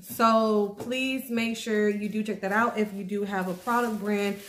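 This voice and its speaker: A woman's voice: medium pitch, fairly even intonation, a little slow, reverberant, a little hiss or hum. A young adult woman vlogging casually to camera, chatty and promotional, with many fillers. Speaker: YouTube vlogger. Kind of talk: casual vlog talk to camera.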